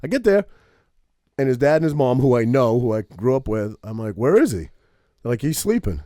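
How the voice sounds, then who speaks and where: A man's voice: mid-range voice, a little fast, no echo, studio quality. A man telling a long story on a podcast in a casual, profane way, tagging his sentences with "right?". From Maine. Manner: profane, animated storytelling with many "right?" tags. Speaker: podcast co-host.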